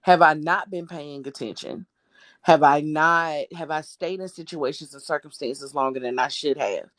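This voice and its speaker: A woman's voice: low-pitched, a bit bright, no echo. Emphatic woman in her thirties, dry sound. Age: 30s. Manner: emphatic, repeats phrases, quick asides. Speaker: guest co-host. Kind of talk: casual live-stream chat.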